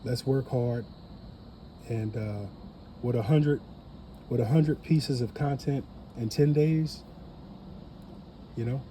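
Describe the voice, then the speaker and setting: New man, earnest vlog host, deep mellow tone, faint background hiss. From New Orleans. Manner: earnest, motivational, repeats phrases. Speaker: family channel creator. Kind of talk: casual vlog talk to camera.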